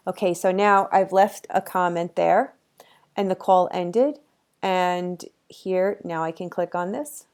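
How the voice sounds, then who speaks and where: Easygoing woman teacher walking through software. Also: lowish voice, slow, smooth. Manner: chatty and easygoing, with frequent ums. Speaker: college course instructor. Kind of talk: casual screen-recorded software tutorial.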